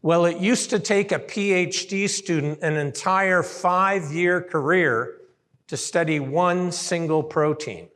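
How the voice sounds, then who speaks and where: Man from Canada, keynote speaker, slow delivery, slightly high voice, long hall reverb. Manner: lively, asks the audience questions. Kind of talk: conference keynote talk. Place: large hotel hall.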